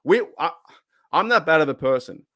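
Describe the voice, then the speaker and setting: A man's voice: fairly high pitch, expressive, moderate pace, fairly bright tone, no room sound, studio quality. A middle-aged Australian man hosting a live podcast, telling a long rambling story full of slang, restarts and laughter. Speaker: podcast host.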